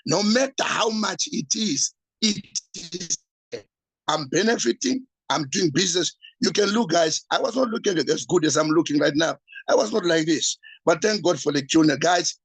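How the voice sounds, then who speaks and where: A man, a pastor, giving an urgent, repetitive sales pitch at an evening meeting. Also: moderate pace, breathy edge, no room sound, poor audio. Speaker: pastor promoting a business.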